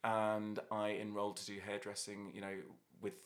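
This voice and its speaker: A man's voice: lowish voice, completely flat delivery, normal speed. An Irish-born man, a hairdresser and salon owner, chatting as a guest in a podcast studio and telling stories with light laughs. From Ireland. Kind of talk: casual interview chat.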